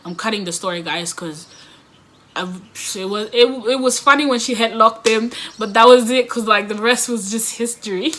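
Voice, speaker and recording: A woman tells a story straight to her viewers in a relaxed, chatty way. Her voice sits a little high and rings very bright. She laughs often and slips into quick impressions of the people in her story. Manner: animated, laughs often, acts out quotes. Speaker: vlogger. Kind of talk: casual storytime chat to camera.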